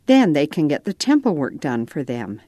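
A woman voicing a patient, kind mother gently explaining things to her son in a storybook read-aloud. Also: sits low, big pitch swings, normal speed, no room sound.

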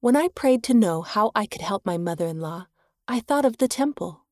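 A woman reading a devotional first-person story aloud in a calm, measured way. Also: medium pitch, no echo, clean studio sound. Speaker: reader. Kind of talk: scripted narration of a devotional story.

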